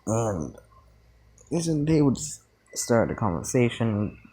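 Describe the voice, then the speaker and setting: A tired man improvising a fan-fiction story, rambling with many ums and restarts, outdoors at night with loud crickets. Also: medium pitch, big pitch swings, slow, husky, low-quality recording. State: tired, yawning. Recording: crickets chirping loudly behind. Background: crickets and insects.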